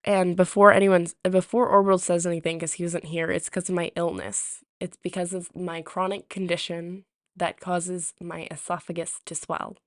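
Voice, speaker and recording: A woman's voice: fairly low pitch, little pitch movement, moderate pace, dry recording, studio quality. A woman streamer chatting casually on a live stream, rambling with lots of ums, her throat sore and a little rusty. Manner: rambling, full of ums and restarts. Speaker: live streamer reading chat.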